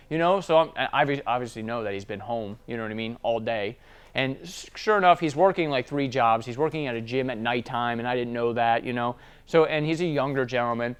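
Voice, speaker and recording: A smooth-voiced man coaching salespeople. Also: mid-range voice, a little fast. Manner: conversational storytelling, tag questions. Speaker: sales trainer. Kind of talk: casual business training talk.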